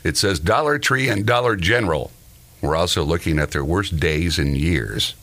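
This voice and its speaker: Deep-voiced male host reading news. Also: animated, normal speed, fairly bright tone. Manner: laughs often while reading. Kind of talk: reading news items on a morning show.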